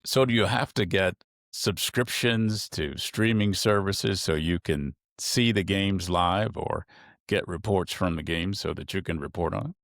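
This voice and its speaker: A man's voice: low-pitched, measured pace, vocal fry, fairly bright tone, dry recording, studio quality. A man hosting an interview, asking short questions that sometimes stall and restart. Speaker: interview host. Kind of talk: conversational interview.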